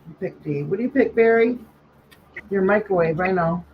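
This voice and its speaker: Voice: mid-range voice, lively intonation, moderate pace. Blunt, teasing co-host on a dull line. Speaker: co-host reading trivia questions. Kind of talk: casual chat. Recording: dull line with faint noise.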